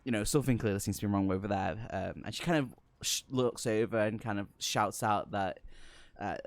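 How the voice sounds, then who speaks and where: A man's voice: on the low side, fairly quick, no echo. A man narrating as game master of a tabletop horror game, with lots of ums and hesitant descriptions. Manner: hesitant, many ums and kind-ofs.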